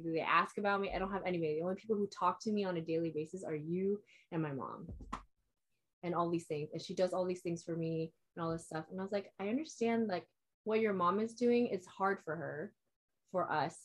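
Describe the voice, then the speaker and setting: In relaxed, unscripted conversation, a young woman with a fairly low voice rambles through a personal story. She says "like" a lot and acts out lines quoting herself and other people, in casual chat.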